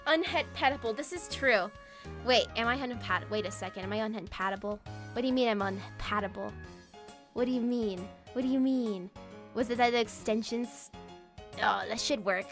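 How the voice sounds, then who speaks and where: A woman's voice: a little high, moderate pace, fairly bright tone. A woman streamer chatting playfully with her viewers during a casual gaming livestream. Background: faint game music.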